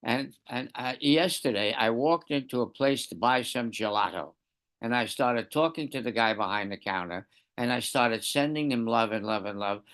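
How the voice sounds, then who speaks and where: A man in an online study group, earnestly sharing a practice in a calm, repetitive way. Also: mid-range voice, moderate pace. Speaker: group participant.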